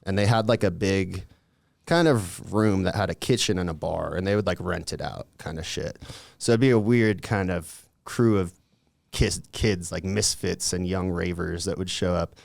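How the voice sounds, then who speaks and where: Young man, low gravelly voice, casual rambling storytelling, heavy filler words, dry close sound. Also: normal speed, no echo.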